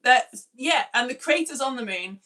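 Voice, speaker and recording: A woman in her forties, a science teacher, chatting warmly through viewer comments on a live-streamed lesson, greeting each by name. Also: high voice, animated, moderate pace.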